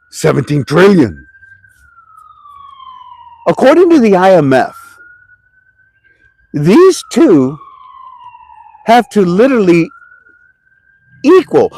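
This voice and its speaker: A man's voice: fairly high pitch, takes it slowly, long pauses, dry recording. Guy rambling about currency, voice jumps all over, dry close sound. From Toledo, Ohio. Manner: animated, shouts for emphasis, talks to himself in two voices. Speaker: currency commentary vlogger. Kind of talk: casual rambling talk to camera.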